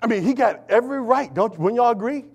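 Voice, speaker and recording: A male pastor preaching a sermon, calling out to the congregation for responses and swinging between loud declarations and hushed asides. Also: very high-pitched, animated, fast, breathy edge, dull audio. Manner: preaching with call-and-response, swings between shouting and near-whisper.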